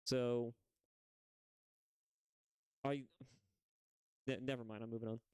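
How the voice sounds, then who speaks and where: A man's voice: mid-range voice, level tone, slow pace, a little mellow, clean tone, dry recording. A man hosting a reaction video, talking in a rambling way full of restarts and self-corrections. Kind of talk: casual video commentary.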